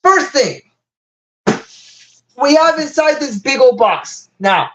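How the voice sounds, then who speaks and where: A young man with a slight Latin American Spanish accent, hosting a live toy unboxing stream and gushing with excitement. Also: slow, a little hiss or hum, poor audio. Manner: excitable, gushing, wide pitch jumps.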